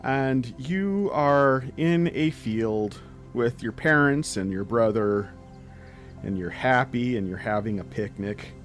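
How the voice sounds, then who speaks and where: A man narrating as game master of a tabletop role-playing game, relaxed and chatty. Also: mid-range voice, takes it slowly, soft background music. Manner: relaxed, chatty, laughs often.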